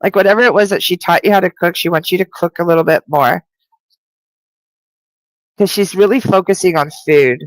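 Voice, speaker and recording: A woman's voice: fairly low pitch, fairly quick, long pauses, no room sound, rough recording. A woman working as a psychic medium who gives a live-streamed spirit reading. She talks in a chatty, rambling way, full of "like," with light laughter.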